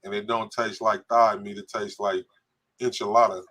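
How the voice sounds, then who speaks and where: Joking podcast co-host, low voice. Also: male voice, flat delivery, normal speed, bright, forceful tone. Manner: joking, laughs often, reads viewer comments aloud. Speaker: podcast co-host reading live chat. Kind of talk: casual live-stream chat.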